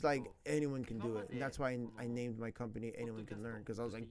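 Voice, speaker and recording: A man's voice: mid-range voice, fast talker, few pauses, darkish tone. A man in his thirties chatting casually as a language teacher streaming online, slangy, rambling and earnest. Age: 30s. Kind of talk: casual chat.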